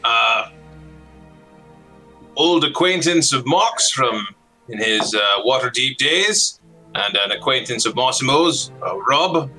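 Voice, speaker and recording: Male player, sharp bright tone, hesitant delivery. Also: medium pitch, expressive, slow pace, long pauses, faint music behind, rough recording. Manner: hesitant, filler-heavy. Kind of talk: tabletop role-play chat.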